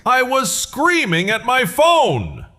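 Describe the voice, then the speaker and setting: A man co-hosting a livestream, reading donations in a very high, bright voice. He talks slowly, his voice swinging widely in pitch. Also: slight background noise. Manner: relaxed, reads out donations. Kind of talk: casual livestream chat.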